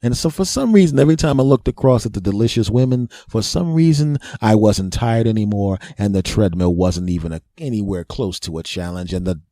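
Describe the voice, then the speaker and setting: A middle-aged male podcast host spins a boastful, self-mocking comic tale. His voice is mellow and warm, recorded close and dry. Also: lowish voice, lively intonation, brisk, hardly any pauses, no echo. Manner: self-mocking, boastful, laughs at own jokes. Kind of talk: comic storytelling monologue.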